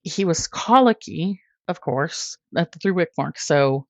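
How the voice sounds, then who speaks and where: Podcast guest, woman, lower register, candid and emotional storyteller, dry sound. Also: expressive, unhurried, a little mellow, no room sound, muffled recording. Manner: emotional, candid, often laughing at herself.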